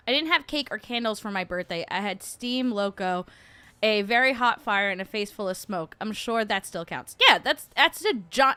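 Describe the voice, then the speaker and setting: A sarcastic woman chats casually as a livestream host, reading the chat aloud in a mid-pitched voice. The sound is dry and close, with no room around it. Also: animated, moderate pace, sharp tone, clear, resonant tone, no room sound. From New Jersey. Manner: sarcastic, chatty, laughs often. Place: at home.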